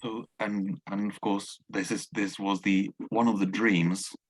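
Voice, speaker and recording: A man's voice: on the low side, flat delivery, measured pace, breathy edge, dry recording, low-quality recording. A man interviewing a guest about her book, hesitant and repeating words as he restarts. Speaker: interviewer, drama professor. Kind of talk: moderating a conversation.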